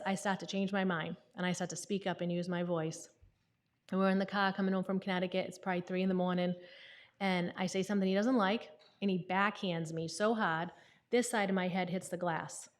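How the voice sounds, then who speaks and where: A woman, speaking candidly at a conference and often checking in with the audience. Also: medium pitch. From New England. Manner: candid, conversational, often asks "right?". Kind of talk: personal testimony talk.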